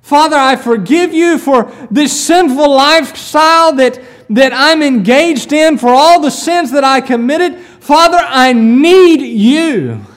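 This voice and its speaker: A man's voice: extremely high pitch, exaggerated voice. A man voicing a broken, weeping male mayor who pleads with God for forgiveness. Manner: pleading, sobbing, rising to shouts.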